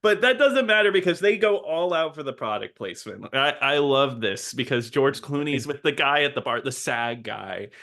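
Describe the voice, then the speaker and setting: A man co-hosting a movie podcast, recapping scenes in relaxed chat with frequent chuckles. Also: mid-range voice, moderate pace, hardly any pauses. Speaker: podcast co-host. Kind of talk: casual chat.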